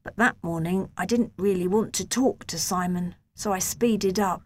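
A woman reading a children's novel aloud in a gentle, measured first-person storytelling voice. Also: on the low side. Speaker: audiobook narrator.

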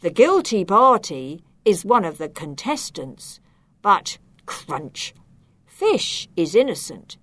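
A woman voicing a greedy, pompous male goat inspector in a children's storybook, speaking slowly and deliberately. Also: fairly low pitch, big pitch swings, fairly bright tone, no echo, heavily acted. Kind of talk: storybook character voice.

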